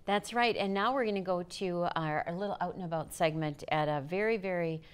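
A woman's voice: on the low side, clear, resonant tone. Upbeat woman co-hosting local TV. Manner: upbeat, agreeable, quick short replies. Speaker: co-host of a local community TV show. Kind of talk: chatty studio banter.

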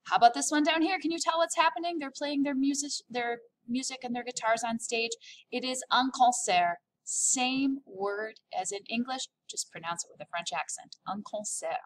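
Woman, French teacher, upbeat and playful, fairly high voice, faint background noise. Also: brisk. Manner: upbeat, playful, exaggerated pronunciation. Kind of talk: recorded online lesson.

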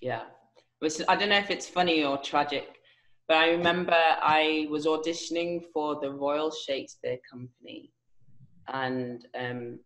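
A woman guest with a mixed English and American accent, telling stories about her acting career in a casual interview, animated and quick to laugh. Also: sits low, rough recording. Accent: mixed English and general American. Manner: animated, laughs often, acts out quotes. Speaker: actress, guest.

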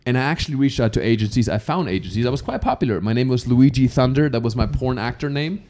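A man's voice: mid-range voice, quick pace, slight background noise. A man in his twenties from Germany with a German accent, hosting a casual podcast chat and telling stories with laughs. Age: 20s. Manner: animated, laughing storyteller. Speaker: podcast host.

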